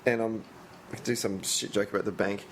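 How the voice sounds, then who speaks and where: A man's voice: on the low side, fairly even intonation, fairly quick, slight background noise. A man co-hosting a casual podcast, rambling loosely between topics with plenty of swearing. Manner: rambling, swears often, jumps into comic voices. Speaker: podcast co-host. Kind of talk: casual chat.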